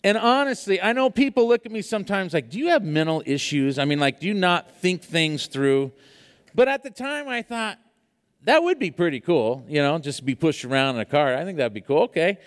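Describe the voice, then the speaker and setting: A man preaching a sermon, telling a personal story in an animated way with many fillers before reading scripture. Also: a little high, brisk, in a large hall. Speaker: pastor.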